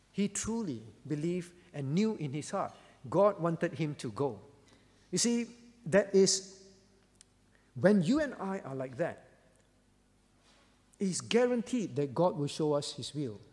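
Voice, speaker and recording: A male pastor delivers an earnest sermon, pressing each point by repeating key words. His voice sits fairly high. A long reverb trails his words through the church hall. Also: a little mellow. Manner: earnest, emphatic preaching with repeated key phrases.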